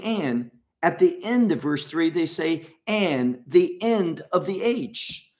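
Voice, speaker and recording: A man teaching from the Bible, speaking deliberately and stressing key words. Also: a little high, animated, darkish tone.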